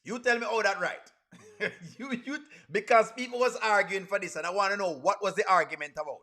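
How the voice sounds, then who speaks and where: A man's voice: high-pitched, fairly quick, sharp tone. A man with a Jamaican accent giving casual live reaction commentary. He throws rhetorical questions at his chat and uses creole grammar. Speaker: reaction streamer.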